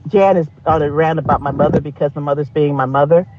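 A man co-hosting a podcast in casual chat, animated and profane, laughing often. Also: on the high side, quick pace, highs cut off, background noise. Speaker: podcast co-host.

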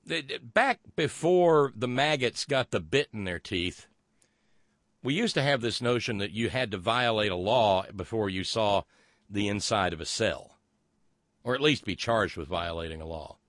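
A man's voice: fairly low pitch, lively intonation, moderate pace, fairly bright tone, no room sound, clean studio sound. A man hosting a political commentary show, sarcastic and mocking as he reacts to clips.

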